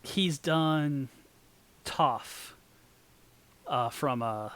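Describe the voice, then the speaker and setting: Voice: mid-range voice, very slow, a bit bright. A co-host chatting casually about online channels, with many fillers and restarts. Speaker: podcast co-host. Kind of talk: casual chat.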